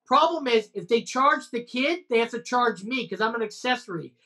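A woman co-hosting a podcast, telling an animated story in casual chat with lots of swearing. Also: a little high, normal speed, few pauses.

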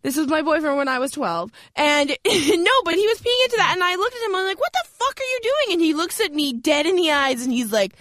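High-voiced woman, laughing storyteller. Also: a little fast, few pauses, no room sound, studio quality. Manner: laughing often, animated storytelling. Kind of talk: casual chat.

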